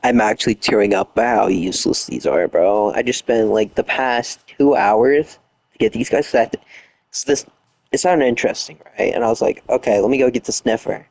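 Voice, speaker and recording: Gravelly young man grumbling at a game. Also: on the low side, animated, moderate pace, darkish tone, no room sound. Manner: frustrated, muttering, swearing, half-whispered outbursts. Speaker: gaming streamer. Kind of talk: casual late-night gameplay commentary. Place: bedroom at night, lying down.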